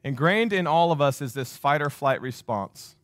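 Preaching to his congregation, a pastor tells stories in a casual, direct style. His male voice runs on the high side and is expressive, moving at a moderate pace, and the audio has no room sound.

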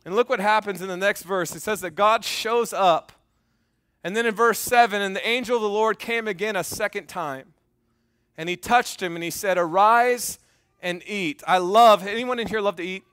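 A male pastor preaching with lively energy, reading verses aloud and teasing his congregation. His voice sits high for a man. The sound is dry and close, with little room echo. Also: normal speed, clean tone. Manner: animated preaching, reads scripture aloud, jokes with congregation. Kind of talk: sermon. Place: church.

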